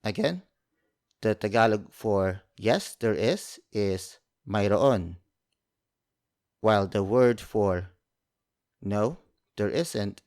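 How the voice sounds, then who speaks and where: A man's voice: on the low side, expressive, slow pace, pauses often, darkish tone. A man teaching a language lesson, speaking carefully, repeating each word and spelling it out letter by letter.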